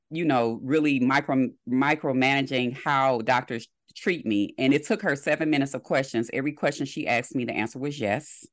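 A woman guest on a podcast, telling a personal story in a lively way and acting out the dialogue. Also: extremely low pitch, no echo, clean studio sound. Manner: lively retelling with quoted dialogue.

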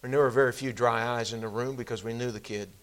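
A man's voice: medium pitch, steady tone, fast. A man preaching a sermon as pastor, telling a story and acting out the people in it, then closing in prayer. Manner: storytelling, acts out quoted voices.

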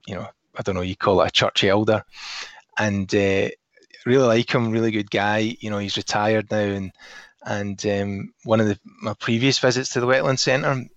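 A man's voice: on the low side, fairly even intonation, moderate pace, vocal fry, dry recording, highs cut off. A man co-hosting a podcast, chatting casually and telling rambling anecdotes with frequent laughs. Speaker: podcast co-host. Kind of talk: casual chat.

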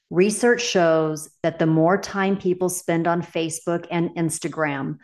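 In a casual solo podcast, a middle-aged woman coach and host speaks in a lowish, darkish-toned voice, candid and emphatic and swearing freely as she goes.

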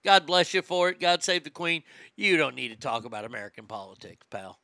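A man with a high, bright, sharp voice rants crudely and mockingly. The sound is dry and close, with no room echo. He swears freely and throws jabs. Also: very animated, brisk. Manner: loud, profane, mocking, laughs at own jokes. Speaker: comedy podcast host. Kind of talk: crude comedic rant.

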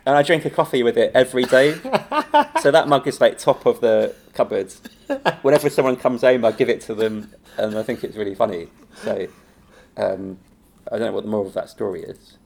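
A man who teaches improv, telling a long anecdote in a relaxed interview. His voice sits mid-range with a gravelly, fry-edged texture. He laughs often and jumps into quoted voices. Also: medium pitch, brisk. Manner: animated storytelling, laughing often, acting out quotes. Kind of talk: casual anecdotal chat.

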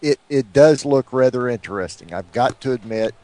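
A man's voice: mid-range voice, moderate pace, mellow. A man co-hosting a radio talk show, answering with short, dry remarks. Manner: brief dry replies and short laughs. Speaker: radio co-host. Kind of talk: casual radio chat.

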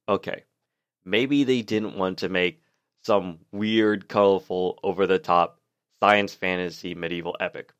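A man giving a casual spoken movie review in a wry, rambling, unimpressed way with many pauses. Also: fairly low pitch, fairly bright tone, dry recording, clean studio sound.

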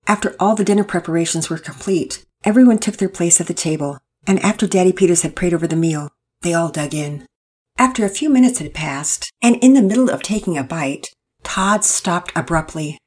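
Brief: woman storybook narrator, low-pitched, husky, lively intonation. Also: fairly quick. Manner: expressive, even storytelling. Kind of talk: storybook reading.

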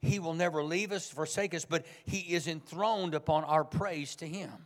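A man's voice: fairly high pitch, fairly even intonation, moderate pace, big-room sound. A man preaching a sermon as pastor, speaking in a conversational but emphatic way. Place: church sanctuary.

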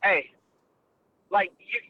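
A man calling in to a radio show from his car, rambling excitably with lots of fillers over the phone. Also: drawn-out words. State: driving while calling in. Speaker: caller. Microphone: phone line. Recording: muffled phone call with faint noise.

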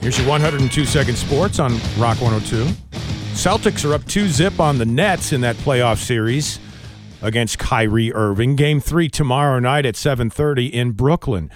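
Lively radio host reading sports news. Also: male voice, medium pitch, music in the background. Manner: lively, quick newsreader delivery with chuckles. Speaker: radio morning show host. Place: radio studio. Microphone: studio microphone.

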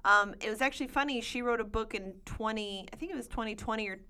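A woman's voice: fairly high pitch, fast, sharp tone, clean tone. A woman co-hosting a casual chat, enthusiastically recommending books. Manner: enthusiastic, gushing. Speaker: podcast co-host.

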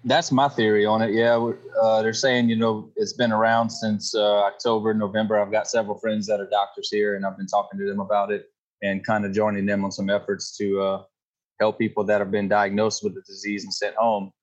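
A Louisiana man with a Cajun accent speaks as a podcast guest, laid-back and matter-of-fact. His voice is low and flat, with little rise and fall. The remote audio sounds dull and lo-fi. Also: brisk. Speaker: podcast guest, company co-founder. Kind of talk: casual podcast chat.

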